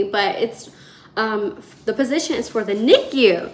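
A woman in her twenties, a nursing student, telling her viewers a story in a chatty, animated way. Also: on the high side, a little slow, a little hiss or hum. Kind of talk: casual vlog storytelling. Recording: roomy echo.

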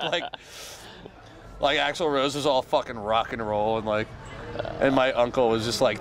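A man's voice: mid-range voice, fairly even intonation, a little slow, long pauses. A young man, a band member on tour, tells a rambling, profane story, laughing as he goes. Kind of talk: casual storytelling.

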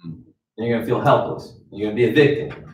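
A man's voice: fairly low pitch, fairly even intonation, fairly quick, darkish tone. Male sales trainer, mid-range voice, blunt and scolding; recorded from a distance in a very echoey room. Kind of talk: lecturing a small training group.

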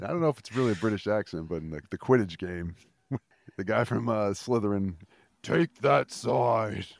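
A man's voice: lowish voice, animated, brisk, creaky, a little mellow. A man appearing as a guest on a casual podcast, often laughing as he talks. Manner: laughs often while talking.

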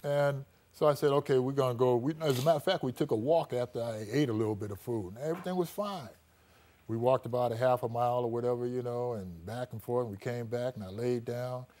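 A middle-aged man, a former athlete, telling his story in a relaxed interview, full of "you know" and acted-out quotes. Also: medium pitch, a little fast.

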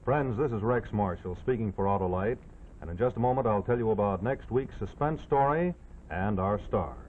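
A man's voice: fairly low pitch, moderate pace, slight background noise. A man announcing a sponsor's commercial and next week's program in a hearty, emphatic old-time style, heard over tinny broadcast audio.

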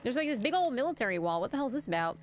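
Lively, playful woman gaming streamer. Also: on the high side, rapid-fire, a little hiss or hum. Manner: playful and sarcastic, laughs often. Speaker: streamer playing a video game. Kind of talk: casual gameplay commentary.

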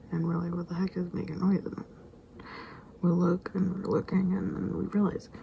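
A woman's voice: on the low side, vocal fry, warm tone, slight background noise, poor audio. A woman telling a rambling story in a whisper, stopping herself often and mimicking sounds. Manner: rambling, self-interrupting anecdote with repeated sound effects.

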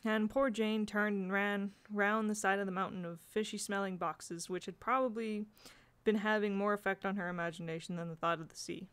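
A woman's voice: mid-range voice, steady tone, normal speed, fairly bright tone, clear, resonant tone. A woman reading a children's novel aloud as an amateur narrator, with occasional slips and restarts. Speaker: audiobook reader. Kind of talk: storybook narration.

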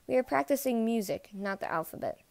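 A woman's voice: on the high side, lively intonation, brisk, creaky, a little mellow, dry recording. A woman voicing an impatient, exasperated male orchestra conductor in a storybook read-aloud. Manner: stern, impatient.

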